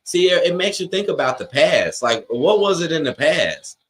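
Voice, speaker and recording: A man's voice: fairly high pitch, big pitch swings, moderate pace, a bit bright. A man hosting a live watch-along stream, chatting casually and reading out viewer comments. He talks in blunt, slangy, opinionated bursts, straight to his chat.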